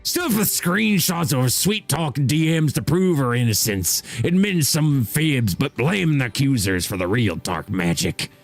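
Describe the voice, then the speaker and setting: A man putting on the voice of a gruff, swaggering male pirate who reads out a scroll in a drawling, theatrical way. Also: medium pitch, sing-song, normal speed, few pauses, soft background music.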